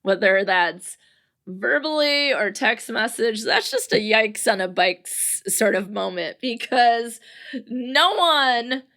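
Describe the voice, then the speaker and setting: Bright-voiced chatty woman podcaster. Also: a little high, animated, slow. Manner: chatty and upbeat, laughs often, quotes articles. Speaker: podcast host. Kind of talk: solo podcast talk on friendship.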